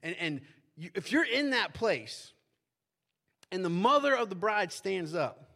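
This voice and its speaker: A man preaching a sermon as pastor, talking in a relaxed, conversational way and often checking in with listeners by asking "right?". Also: high-pitched, unhurried, gravelly.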